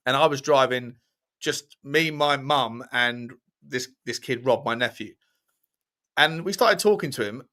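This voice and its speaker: A man with a high-pitched speaking voice trades stories on a podcast. He sounds skeptical and amused, pushing back on far-fetched ideas in relaxed conversation. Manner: skeptical, storytelling, laughs often. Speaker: podcast co-host. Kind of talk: casual chat.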